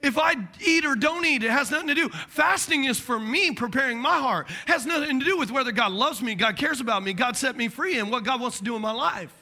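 Bright, high-voiced pastor preaching animatedly. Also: male voice, brisk, hardly any pauses. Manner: animated, jokey, acts out quoted voices and mutters asides. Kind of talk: sermon.

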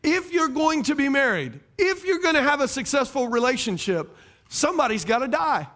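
A man's voice: extremely high pitch, sing-song, moderate pace, a bit bright. A middle-aged male pastor preaching a sermon, repeating key phrases and throwing questions at his congregation. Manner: preaching cadence, fires rhetorical questions at the congregation.

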